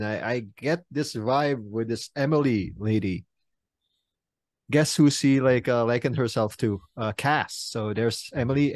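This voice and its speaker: A man co-hosting a casual panel podcast, enthusiastic and quick to laugh. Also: medium pitch, darkish tone, no echo, studio quality. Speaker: podcast co-host.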